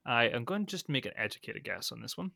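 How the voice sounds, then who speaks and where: Bright-voiced man reading quiz questions. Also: medium pitch, sing-song, quick pace, creaky, no echo, studio quality. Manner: reads questions and options with a playful lilt. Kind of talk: casual quiz podcast chat.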